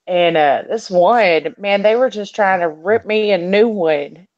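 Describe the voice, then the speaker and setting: A woman's voice: mid-range voice, measured pace, darkish tone, lo-fi sound. A woman from Texas with a Texan accent, chatting casually and telling stories with sweet, cutting sass. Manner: sassy storyteller, sweetly cutting. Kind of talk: casual chat.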